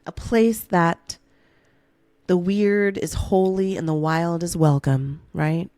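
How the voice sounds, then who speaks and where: A woman's voice: lowish voice, fairly even intonation, takes it slowly, mellow, dry recording. Playful, hyped woman coaching on a podcast. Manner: playful, hyped coaching, calls listener baby. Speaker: manifestation coach and podcast host. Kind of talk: motivational podcast monologue.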